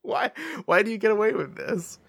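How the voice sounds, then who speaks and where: A podcast co-host in casual book-discussion chat, rambling and animated, full of fillers. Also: mid-range voice, normal speed, gravelly, no room sound, clean studio sound. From England.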